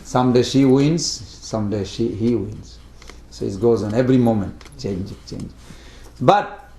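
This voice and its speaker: A man speaking to a devotional study group, telling a story in an animated way and acting out the characters. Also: mid-range voice, slight background noise. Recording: roomy echo.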